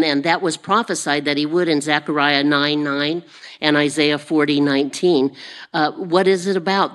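Slow, low-voiced woman preaching. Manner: unhurried, repetitive preaching with fillers. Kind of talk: sermon.

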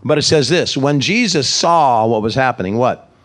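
A man's voice: mid-range voice, lively intonation, normal speed, fairly bright tone. A man preaching a sermon in a conversational way, asking his congregation questions as he reads and explains the passage. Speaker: pastor. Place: church service.

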